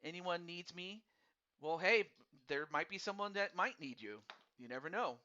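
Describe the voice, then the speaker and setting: A man with a bright, forceful voice hosts a casual live-streamed draft. He rambles and stumbles over repeated words in a friendly, upbeat way. The audio is dull and lo-fi. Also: high voice, animated, moderate pace, clear, resonant tone. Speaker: host of a fantasy hockey draft stream.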